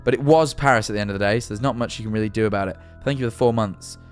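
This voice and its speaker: A man's voice: on the low side, clear, resonant tone, soft background music. Rambling, sweary male streamer. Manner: rambling, sweary, jumpy and quick to laugh. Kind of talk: casual livestream chat.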